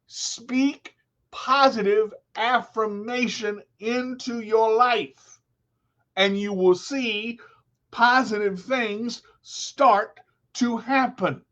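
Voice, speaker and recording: Brief: high-pitched male host, unhurried, preachy motivational talk, lo-fi stream sound. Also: fairly bright tone. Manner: preachy, repeats himself, addresses viewers as y'all. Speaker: show host.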